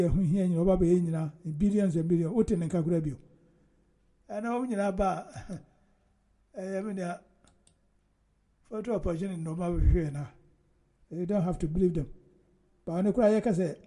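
A man's voice: high voice, brisk, pauses often, warm tone. A man hosting casual political commentary, rambling and emphatic, with frequent laughter.

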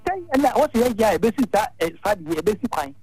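A man's voice: sits high, animated, moderate pace, darkish tone, slightly rough, soft background music, poor audio. A man calling in to a talk radio show, giving a long, rambling address full of repeated words. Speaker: radio phone-in caller.

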